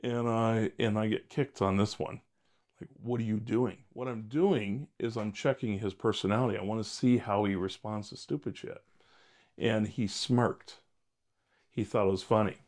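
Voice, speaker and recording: An older retired detective telling case stories in an interview, blunt and wry, rambling with many fillers. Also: male voice, lowish voice, fairly even intonation, moderate pace, a little mellow. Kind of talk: storytelling interview.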